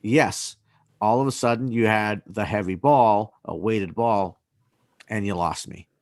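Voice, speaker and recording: A man's voice: lowish voice, unhurried, darkish tone, no echo, clean studio sound. A man co-hosting a podcast, explaining methodically point by point. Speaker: podcast co-host. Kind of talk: casual podcast discussion.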